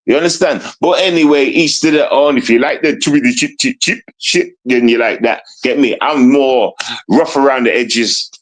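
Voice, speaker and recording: A man in the middle of a heated livestream rant, with a voice of ordinary pitch. He talks rough street slang, pushes his viewers with "you understand?", and swings from low grumbling to sudden high-pitched disbelief. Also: normal speed, poor audio. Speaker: streamer.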